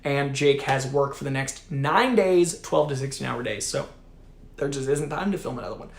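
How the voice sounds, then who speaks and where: A man hosting a livestream, reading viewer super chats aloud in an energetic, profane, chatty way. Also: mid-range voice, normal speed, creaky. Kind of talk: casual livestream chat. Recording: echoey room.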